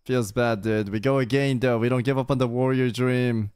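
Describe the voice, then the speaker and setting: A man's voice: mid-range voice, steady tone, moderate pace, darkish tone, clear, resonant tone, dry recording, studio quality. A young man streaming casually, reacting to a clip in a laid-back, teasing way. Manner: laid-back, says "dude" a lot, teasing.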